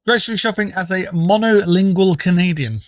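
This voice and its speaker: A man's voice: high-pitched, a little fast, no room sound. A man live-streaming a game, chatting casually with viewers in a rambling, joking way and swearing freely. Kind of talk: casual live-stream chat while gaming.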